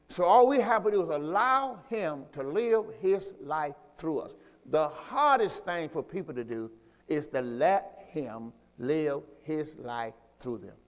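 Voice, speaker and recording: A man with a high, lifted voice leads a church sermon, pressing his points through repetition and emphasis. He calls the congregation to repeat phrases after him. His voice rings out with a long hall reverb around it. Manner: call-and-response preaching, asks congregation to repeat; repetitive, emphatic teaching delivery. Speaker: pastor.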